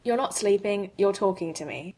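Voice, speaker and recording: A woman's voice: mid-range voice, darkish tone, husky, lightly acted. A woman doing a brash, sarcastic man. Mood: exasperated. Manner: quick, exasperated banter.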